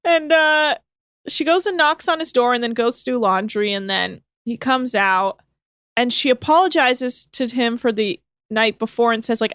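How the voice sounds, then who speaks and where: A woman co-hosting a podcast chats in an animated, sweary way, tossing in quick asides. Her voice sits high and swoops widely. It is recorded close and dry, with no room sound. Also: clear, resonant tone, no room sound. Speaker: podcast co-host. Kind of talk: casual podcast chat.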